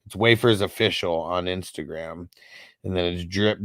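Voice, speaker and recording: A man's voice: low-pitched, moderate pace, fairly bright tone, dry recording. A young man hosting a casual livestream, reading out chat comments in a loose, rambling way and swearing freely. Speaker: host.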